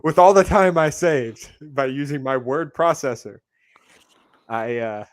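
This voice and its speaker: A man's voice: medium pitch, a little slow. A man hosting a casual film watch-along, joking wryly and laughing often. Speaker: host.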